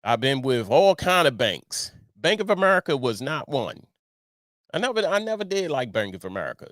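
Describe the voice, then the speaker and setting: A middle-aged man hosting a casual commentary show, talking in an animated way, repeating himself and firing off rhetorical questions. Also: mid-range voice, dry recording, clean studio sound. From Baltimore. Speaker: online show host.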